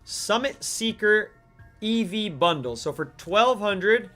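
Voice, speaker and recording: High, bright-voiced ranting male streamer. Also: slow, soft background music. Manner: animated, mock-outraged ranting. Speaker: streamer host. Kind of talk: live-stream gaming commentary.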